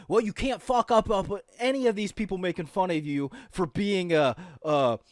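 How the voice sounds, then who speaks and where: A man's voice: sits high, moderate pace, dry recording, clean studio sound. A man co-hosting a podcast, joking and teasing in casual chat with frequent laughter.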